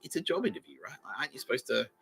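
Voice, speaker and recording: A man's voice: mid-range voice, very animated, rapid-fire, creaky, a bit bright, slightly rough. A young Australian man hosting a podcast, telling a profane comic story and acting out the people in it with frequent laughs. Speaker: podcast host. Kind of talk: comedic storytelling monologue.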